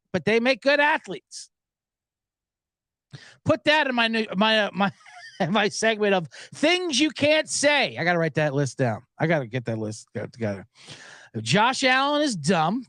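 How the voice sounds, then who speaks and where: A man's voice: a little high, a bit bright, no room sound, clean studio sound. A man hosting a sports betting podcast, rambling and joking, and getting worked up now and then. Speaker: podcast host.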